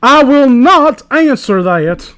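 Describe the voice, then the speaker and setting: A man playing a pompous young man who speaks in slow, stilted, grandiose phrases. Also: very high voice, fairly bright tone, dry recording, voice pushed up. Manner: slow, grandiose, mock-formal.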